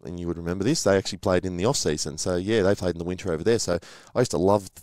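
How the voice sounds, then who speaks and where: A middle-aged ex-rugby league player, guesting on a podcast, chats in a very low, slightly mellow voice and talks quickly. He acts out the people in his anecdotes during this casual storytelling interview, recorded with a dry, close sound.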